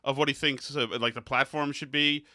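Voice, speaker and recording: A man's voice: medium pitch, steady tone, a little fast, bright, forceful tone, no echo. A man hosting a podcast, talking politics casually with wry, sardonic asides and cutting in on his co-host.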